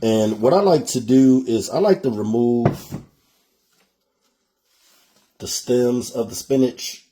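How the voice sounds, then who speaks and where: A man's voice: medium pitch, expressive, slow, long pauses, mellow. A man with a Philadelphia accent hosting a cooking show, talking viewers through a recipe in a chatty, casual way and calling them "y'all.". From Philadelphia, USA.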